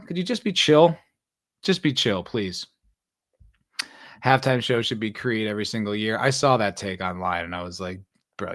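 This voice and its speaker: Male podcast host, young adult, slightly high voice, sarcastic rambling solo commentary. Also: a bit bright.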